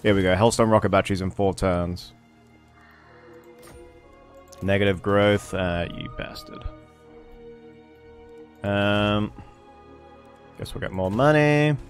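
A man's voice: on the low side, unhurried, pauses often, faint music behind. A man giving casual commentary as he plays a strategy game, thinking aloud and swearing under his breath. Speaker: gameplay streamer. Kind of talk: casual let's-play commentary.

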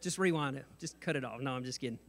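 A man's voice: medium pitch, fast. A man pastor preaching a sermon on stage, mixing humor and asides with mounting intensity. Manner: jokes and asides, rising intensity. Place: church stage.

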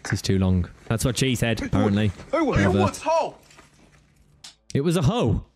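A man's voice: on the low side, very animated, moderate pace, a little mellow, a little hiss or hum. A man commenting on a video, laughing often and swearing playfully as he mocks what he sees. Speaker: reaction video host. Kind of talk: reaction commentary. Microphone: studio podcast mic.

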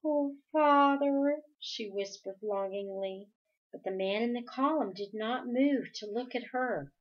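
A woman reading a novel aloud chapter by chapter, careful and expressive. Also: mid-range voice, measured pace, muffled recording. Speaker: audiobook reader.

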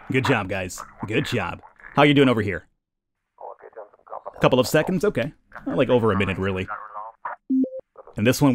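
A young man chats through a game with a lively, animated delivery, laughing along at the callers. His pitch sits in the middle of the male range. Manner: chatty, laughs at callers, talks to units. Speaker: let's play host. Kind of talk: casual gameplay commentary.

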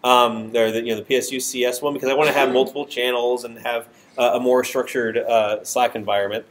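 With a steady, somewhat bright mid-range voice and a slightly fast pace, a nasal-sounding man teaches a university programming class in a hard-walled room. His informal style includes lots of fillers, self-deprecation, and frequent restarts.

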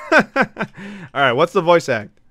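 A man's voice: on the high side, huge pitch swings, takes it slowly, a bit bright, no room sound. A man streaming a game, talking to his chat in a brash, teasing and profane way. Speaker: gaming streamer. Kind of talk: casual live-stream chat.

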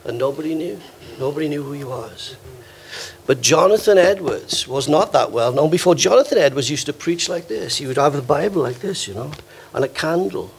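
Older Welsh-born male preacher, slightly high voice, anecdotal sermon style. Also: lively intonation, moderate pace, creaky, a little hiss or hum. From Wales. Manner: storytelling, warm anecdotes with acted quotes. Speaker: visiting preacher. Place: church hall.

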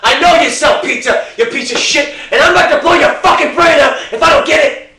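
A man's voice: medium pitch, expressive, quick pace, fairly bright tone, pitched below the performer's own voice, lightly acted. A man playing a foul-mouthed grown man customer who swears and threatens in an amateur comedy sketch. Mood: yelling. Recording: echoey room, distant mic, faint hiss.

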